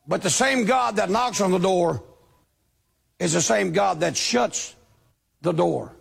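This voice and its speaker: A man preaching a sermon, with a shouting preacher's cadence, acting out the voices he quotes. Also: sits high, takes it slowly, creaky, pauses often, slightly rough. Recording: long hall reverb.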